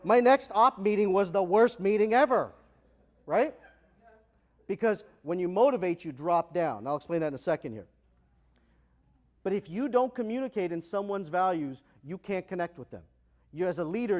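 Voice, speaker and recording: A man giving a motivational keynote speech in a large conference hall, energetic, asking the audience questions and acting out the people in his stories. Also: high-pitched, normal speed. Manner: energetic, asks the audience questions, acts out dialogue. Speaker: keynote speaker.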